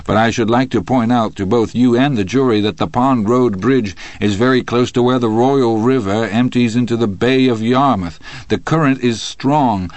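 A man voicing a calm, reserved male defendant who answers in a quiet, measured way. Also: mid-range voice, dry recording, lightly acted.

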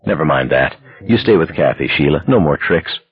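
A man voicing a desperate, angry young husband, low and clipped. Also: expressive, normal speed, breathy edge, dry recording, dull audio, heavily acted. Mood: bitter.

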